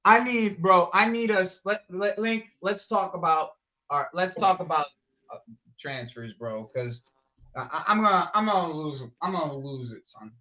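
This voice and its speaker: A high-voiced man co-hosts a casual football podcast at a moderate pace, ranting and swearing a lot with plenty of energy, sounding agitated and rattled. The sound is lo-fi.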